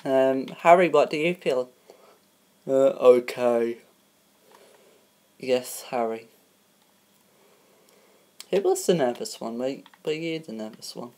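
A woman's voice: rumbling low, expressive, a little slow, pauses often, a little mellow. A woman presenting a homemade mock TV show in a casual, hesitant way, full of ums and uhs and tripping over names. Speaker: host of a homemade spoof show.

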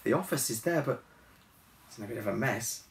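A man's voice: mid-range voice, expressive, fairly quick, close to an everyday voice. A man voicing a sleepy male ring-tailed lemur who works as a hotel concierge, sounding weary and sluggish in a storybook reading. He is recorded in a roomy space from a distance, with faint hiss behind him.

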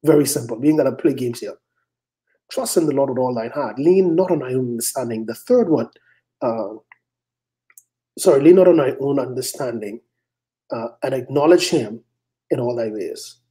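A man's voice: mid-range voice, mellow. Emphatic male pastor preaching. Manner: emphatic preaching, acts out prayers in quick voices. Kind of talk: sermon.

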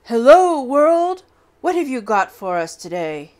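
A woman's voice: mid-range voice, big pitch swings, normal speed, a bit bright. A woman voicing a playful grandfather in a storybook, calling out cheerfully. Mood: booming. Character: playful grandfather, old man, jolly.

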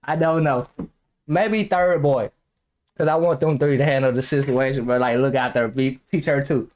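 A young man hosts a reaction video in a casual, animated style, swearing a lot, laughing often, and wandering into rambling side stories. His voice is mid-range at a normal speed.

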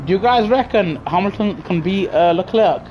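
Chatty gamer, slightly high voice. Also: male voice, lively intonation, moderate pace, highs cut off. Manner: chatty, answers chat, slangy. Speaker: streamer. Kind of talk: casual live-stream chat over gameplay. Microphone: gaming headset. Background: car engine noise and music.

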